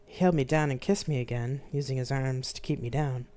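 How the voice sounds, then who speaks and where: Expressive author reading a novel. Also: mid-range voice, a little fast. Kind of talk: live-streamed audiobook reading.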